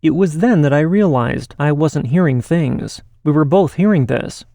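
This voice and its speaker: A man hosting a podcast and reading listener stories aloud in a steady, measured way. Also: fairly high pitch, gravelly, no room sound, clean studio sound. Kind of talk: scripted podcast narration.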